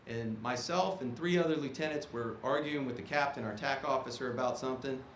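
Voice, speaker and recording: Male Army officer, 50s, mid pitch, emphatic speaker, echoey hall. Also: brisk, fairly bright tone, slight background noise. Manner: emphatic, punctuates points with "okay?". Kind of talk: ceremony speech. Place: performing arts auditorium. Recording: echoey auditorium.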